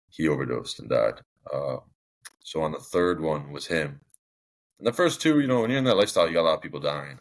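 A young man with a rumbling low, slightly bright voice appears as a podcast guest. He tells his personal story candidly, rambling casually with plenty of fillers and restarts.

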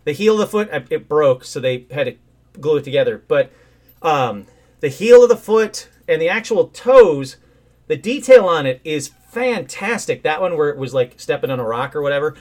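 A man hosting a casual call-in livestream from home, rambling and excitable with sudden outbursts. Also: fairly high pitch, normal speed. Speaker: host of a call-in livestream show. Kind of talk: casual live-stream chat.

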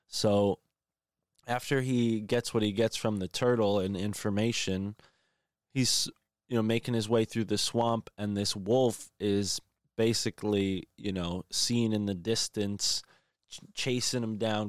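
Man, low voice, casual rambling recap, dry close sound. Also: smooth, no room sound. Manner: rambling, many fillers and restarts. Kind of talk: casual film recap chat.

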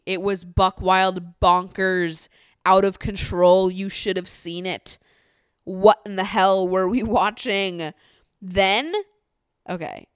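A young woman vlogging a reality-show recap in casual chat, blunt and exasperated, swearing freely and talking in fast bursts. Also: on the low side, clean tone, no room sound, studio quality.

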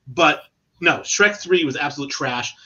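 A man's voice: on the high side, lively intonation, a little slow, pushed and bright, muffled recording. A man co-hosting a casual sports podcast who argues and teases in a pushy way. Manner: argumentative, teasing. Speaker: podcast co-host.

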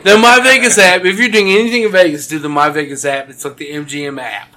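A man chatting excitably as a podcast cohost, often laughing. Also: high voice, quick pace. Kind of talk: casual podcast chat.

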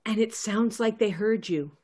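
A woman's voice: medium pitch, unhurried, dark tone. A woman player in a tabletop game, chatty and repetitive. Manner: chatty, repeats herself. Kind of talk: casual tabletop game talk.

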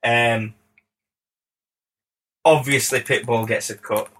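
A man, a music producer, telling a casual story on a podcast as a lively, swearing narrator who acts out the dialogue. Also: medium pitch, slow, slight background noise, low-quality recording. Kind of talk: casual anecdote.

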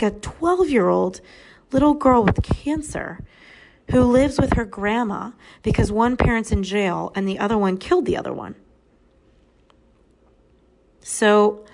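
A woman's voice: mid-range voice, vocal fry. A woman in her thirties telling a personal story in an earnest, reflective, motivational way. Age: 30s.

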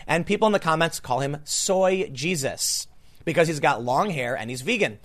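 A man in his thirties with a somewhat higher voice, talking through a political commentary monologue. He sounds incredulous and emphatic, his pitch jumping sharply up on his disbelieving questions before dropping low again. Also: expressive, moderate pace, fairly bright tone. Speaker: podcast host and commentator.

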